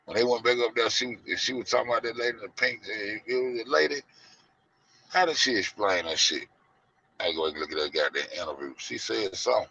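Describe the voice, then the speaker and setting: A man's voice: on the low side, brisk, vocal fry, bright, forceful tone, slightly rough. A man hosting a casual commentary show, rambling and profane, acting out the people he talks about. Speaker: show host. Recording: lo-fi dull audio.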